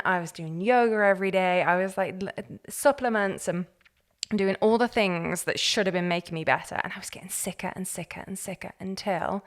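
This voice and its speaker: A woman, a podcast guest telling her own story in an earnest, animated way. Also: mid-range voice. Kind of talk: candid personal story.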